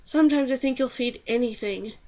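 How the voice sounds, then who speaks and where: A woman doing Numer, a gruff dry badger. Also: a little high, brisk, a little mellow, natural voice. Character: gruff male badger, blunt and wry.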